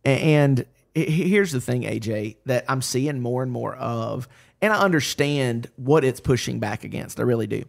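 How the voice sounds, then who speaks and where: A pastor talks through faith in a casual podcast chat, earnest and animated, often restarting his sentences. His mid-range voice is gravelly and moves at a moderate pace.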